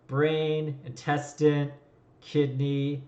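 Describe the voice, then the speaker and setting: A man's voice: on the high side, level tone, extremely slow, mellow, roomy sound, lo-fi sound. A man running a tabletop game as game master, narrating in a loose, rambling way.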